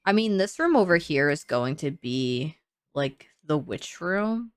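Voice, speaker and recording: A woman's voice: sits low, animated, unhurried, no echo, studio quality. A young woman casually thinking aloud while she builds in a game, chatty and full of "like"s. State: sleepy, yawning. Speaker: gaming creator building in a life sim.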